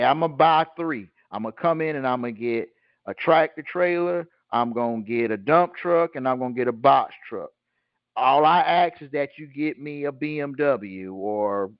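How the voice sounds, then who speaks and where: Teaching on a group call he hosts, a medium-pitched man keeps things casual, blunt and colloquial. He tosses out rhetorical questions and answers them himself, in lo-fi audio with no echo.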